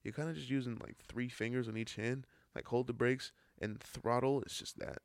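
A man's voice: mid-range voice, steady tone, normal speed, no room sound. A young American man, a podcast guest, chatting casually late at night, teasing and swearing freely. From United States.

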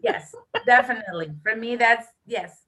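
A woman's voice: a little high, normal speed, bright, forceful tone, husky. A woman from the United States, a school counselor, talking in a casual podcast interview over a video call, earnest and emphatic.

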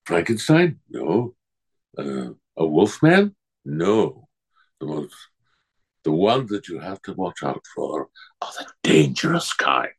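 A man voicing an old monster hunter who teases children with a hushed warning. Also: on the low side, wildly swooping pitch, slow pace, gravelly, long pauses, husky, full character voice. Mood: mock-spooky.

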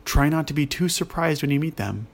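A man's voice: on the high side, animated, a little fast, pitched above the performer's own voice. A man voicing a hearty, jovial female dwarf at a mining camp in a children's story.

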